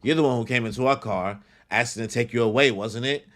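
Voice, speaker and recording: A man's voice: mid-range voice, fairly quick, fairly bright tone, lightly acted. A man reading out the lines of a sleazy male thug posing as a police officer, coaxing and menacing.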